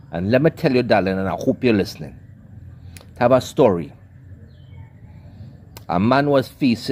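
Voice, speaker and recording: A man delivers a scolding monologue in a preacherly cadence, his pitch swinging widely between emphatic highs and low, weighty drops. His voice sits at an ordinary middle register. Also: darkish tone, breathy edge. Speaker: commentator. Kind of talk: ranting commentary monologue.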